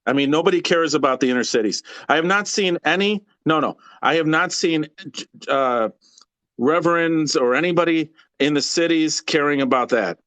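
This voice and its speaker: A man phones into a live show for a heated debate, arguing in an aggravated, rambling way, repeating himself and often restarting sentences. His voice is a little high and fairly bright, at a moderate pace, with no echo.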